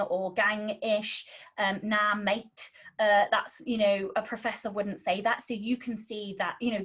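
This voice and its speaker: A British woman giving a webinar lesson on writing, cheeky and sarcastic in tone, with lots of ums. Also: medium pitch. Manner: says um a lot. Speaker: writing instructor.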